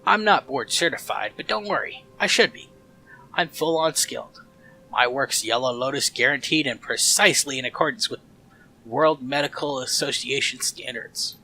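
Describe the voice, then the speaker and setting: A man voicing a cheerful, hungover middle-aged male cyber doctor who jokes loudly, with a Midwestern accent. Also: medium pitch, animated, moderate pace. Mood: jovial. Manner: loud, boisterous, joking.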